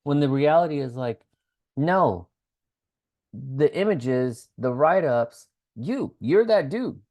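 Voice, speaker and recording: A man's voice: medium pitch, expressive, slow pace, highs cut off. A man co-hosting a casual podcast recapping a TV show, talking expressively, swearing freely and laughing as he acts out quotes. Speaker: podcast co-host.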